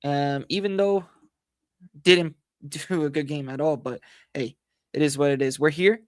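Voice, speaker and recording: A man hosting a football analysis livestream, hoarse from losing his voice, talking in a frustrated, rambling way full of fillers and repeated phrases. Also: a little high, measured pace, no echo, studio quality. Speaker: football channel host.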